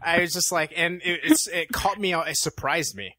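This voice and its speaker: A man's voice: on the high side, normal speed, bright, forceful tone, no room sound. A young man co-hosting a film review podcast, chatting casually and thinking aloud with plenty of filler words. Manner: easygoing, thinks aloud with many "um"s. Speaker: podcast co-host.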